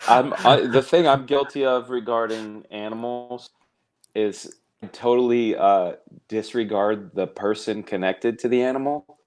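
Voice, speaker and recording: A man hosting a casual interview, talking in a relaxed, rambling and self-deprecating way. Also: mid-range voice, unhurried. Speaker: podcast host.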